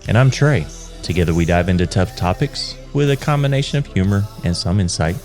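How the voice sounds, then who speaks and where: A man's voice: sits low, lively intonation, a little fast, music in the background. A man co-hosting a podcast, tossing in teasing wisecracks during casual banter. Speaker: podcast co-host.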